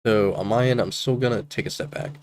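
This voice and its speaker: A man's voice: on the low side, fairly even intonation, fast talker, a little mellow, slight background noise. A man streaming, reading chat messages aloud in casual commentary, hesitant and anxious, with casual swearing.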